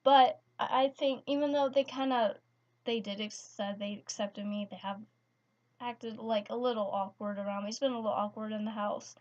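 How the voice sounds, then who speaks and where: A woman's voice: medium pitch, steady tone, moderate pace, a little mellow. Hesitant teenage girl, lo-fi sound. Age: teens. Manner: hesitant, many restarts and fillers. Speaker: vlogger. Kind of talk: personal story vlog. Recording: slightly dull lo-fi sound.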